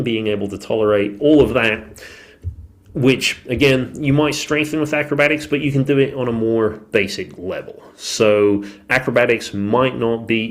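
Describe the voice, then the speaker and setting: A man with a slightly low voice that is wearing thin, as though he is losing it, talks through ideas on a solo podcast. He thinks aloud in a loose, conversational way, leaning on fillers as he works through his points. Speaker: podcast host and movement coach. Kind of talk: casual solo podcast talk.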